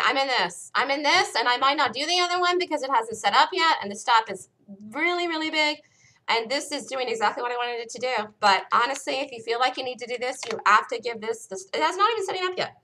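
A woman hosting a live day-trading room, calling out entries and stops in an urgent, rapid-fire way, her voice worn and close to giving out. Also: high voice, lively intonation, pushed and bright. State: losing her voice. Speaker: day-trading show host.

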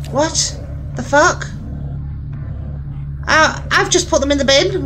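Over a noisy background, a woman with a high-pitched voice talks slowly with frequent pauses. She's a channel host playing through a horror game, narrating jumpily to herself and regularly screaming, swearing and letting out nervous laughs.

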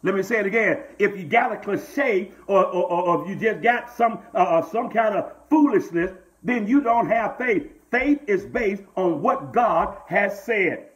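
Calling out to members of his congregation and saying "glory to God" again and again, a middle-aged male pastor preaches at a measured pace. His high voice has lively intonation, captured on a low-quality recording.

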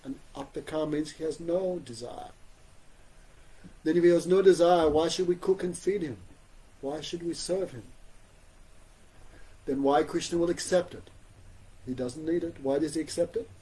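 A man giving an informal religious class, conversational and gently humorous, often asking his listeners "you know?". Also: fairly high pitch, moderate pace, pauses often, breathy edge, low-quality recording. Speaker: spiritual teacher giving a class.

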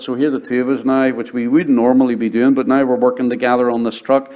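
A middle-aged man preaching from the pulpit in a warm, mellow voice. He tells his own story with easy storytelling and falls quiet and soft when he quotes people. His pitch sits in the middle range for a man. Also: fast, hardly any pauses. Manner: storytelling, drops to a hushed voice for quoted dialogue. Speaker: pastor. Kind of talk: sermon with personal testimony.

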